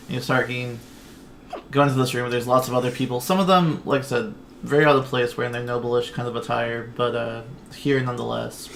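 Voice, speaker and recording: Casting: male game master, mid pitch, laid-back scene-setting, faint background noise. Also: a little fast, vocal fry. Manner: relaxed, descriptive, many fillers. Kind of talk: narrating a tabletop game. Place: home, online stream.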